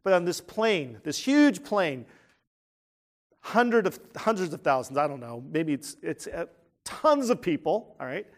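Conversational preacher with a higher voice. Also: male voice, big pitch swings, unhurried. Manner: conversational, asks the congregation questions; drops to a hushed tone for serious points. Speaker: pastor. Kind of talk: sermon.

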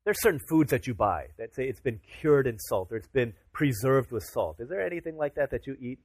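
A man's voice: mid-range voice, animated, fairly quick, husky, no echo. A man preaching a sermon to his congregation, casual and chatty, rising to emphatic declarations. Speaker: pastor.

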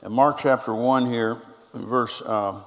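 Gravelly pastor preaching in a hall. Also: male voice, medium pitch, fairly even intonation, slow. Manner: storytelling preacher, quoting others in conversation. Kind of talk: sermon.

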